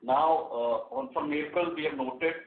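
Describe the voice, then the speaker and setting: A man, a company executive answering analysts on an earnings conference call in a measured, halting way. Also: a little high. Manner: measured, fillers and restarts, business jargon. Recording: echoey phone-line conference call.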